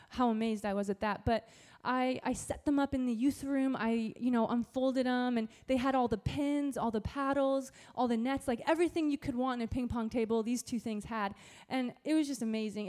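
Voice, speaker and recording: A young woman youth pastor giving a sermon, telling a story in animated, casual slang. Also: fairly high pitch.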